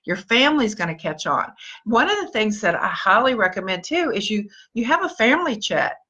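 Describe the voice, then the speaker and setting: Bright-voiced woman giving an upbeat pep talk. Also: medium pitch, very animated, a little fast, slightly rough, highs cut off. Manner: upbeat, encouraging, greets viewers by name. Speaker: motivational speaker and team leader. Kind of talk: live-stream pep talk to viewers.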